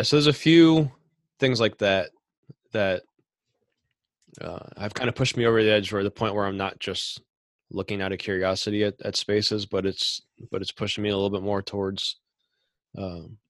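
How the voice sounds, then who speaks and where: A middle-aged man who runs a machine shop, talking casually on a podcast in a rambling way with frequent restarts and throat clearing. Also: fairly low pitch, no echo.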